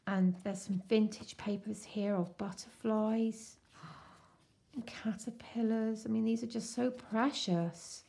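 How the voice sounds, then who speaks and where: A woman chatting casually and excitedly as she unwraps a craft swap parcel. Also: medium pitch, creaky. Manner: gushing, excitable, slow-paced. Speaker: crafting vlogger. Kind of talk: casual unboxing chat.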